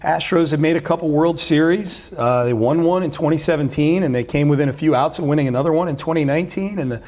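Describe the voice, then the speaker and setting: Middle-aged male sports radio host, higher-pitched, chatty, rambling with restarts. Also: fast talker, darkish tone. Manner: talkative, many restarts and fillers. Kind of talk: casual chat.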